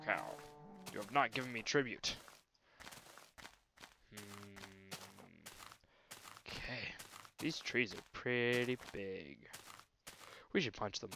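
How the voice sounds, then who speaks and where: A man's voice: fairly low pitch, slow, long pauses, pushed and bright. A young man commenting on his own gameplay in a silly, mock-grand voice, speaking to the animals and trees. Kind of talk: let's play commentary. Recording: noisy amateur recording.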